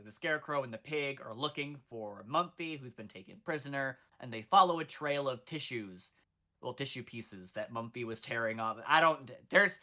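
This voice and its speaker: A bright-toned podcast host in their thirties retells a film with loose, rambling asides. The delivery is sarcastic and peppered with cursing. It sounds like friends chatting about an old favourite. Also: mid-range voice. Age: 30s. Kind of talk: casual movie recap chat.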